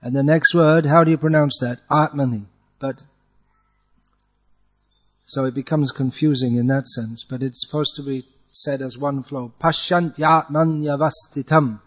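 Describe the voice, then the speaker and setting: In a large hall, a man patiently teaches a class to chant Sanskrit verse, fixing their pronunciation and slowly chanting lines as a model. His voice sits at a medium pitch with a steady tone.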